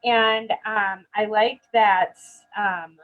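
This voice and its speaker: A woman's voice: mid-range voice, steady tone, extremely slow, narrow, tinny audio, soft background music. A middle-aged woman teaching dementia care in a live online session, earnest and chatty, checking in with "right?" often. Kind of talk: live-streamed training chat.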